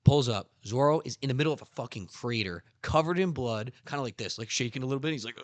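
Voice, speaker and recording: A young man hosting a casual podcast who talks excitedly, swears a lot and acts out scenes. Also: medium pitch, quick pace, few pauses, dry recording. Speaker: podcast host. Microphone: studio podcast mic.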